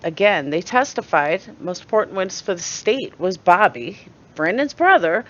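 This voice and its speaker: A woman's voice: fairly low pitch, very animated, normal speed. A woman with a New York accent giving blunt, sarcastic commentary and swearing freely, with a dull lo-fi recording sound. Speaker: channel host. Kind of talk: opinionated commentary.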